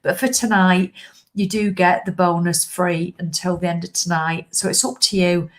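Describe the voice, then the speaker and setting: A woman's voice: lowish voice, little pitch movement, normal speed. A middle-aged woman, a fitness coach, talking straight to her followers in a casual live video with blunt, impassioned swearing.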